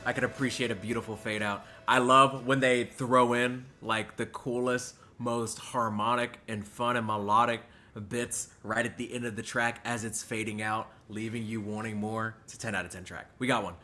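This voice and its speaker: A man's voice: mid-range voice, normal speed. A young man giving a live album reaction as a music reviewer, chatty and leaning heavily on filler words. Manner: animated, chatty, leans heavily on "like".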